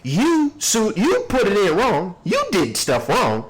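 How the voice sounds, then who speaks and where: A man comments on a courtroom clip, mocking it and acting out the people in it. His voice sits fairly high and swings widely, and his casual podcast delivery is animated. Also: slow, rough recording. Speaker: podcast host reacting to a court video.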